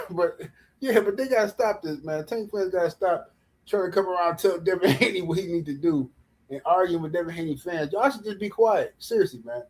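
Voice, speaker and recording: A man hosts a casual boxing commentary livestream. He rants in an animated, mocking way, full of slang and repeated jabs. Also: high voice, brisk, rough recording. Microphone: livestream mic.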